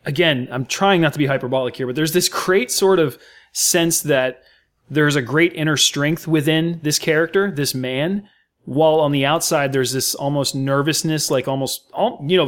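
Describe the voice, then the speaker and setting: A man's voice: fairly high pitch, normal speed. An American man, a guest on a podcast, talking about a film with emphatic enthusiasm and many fillers. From United States. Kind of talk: casual film discussion.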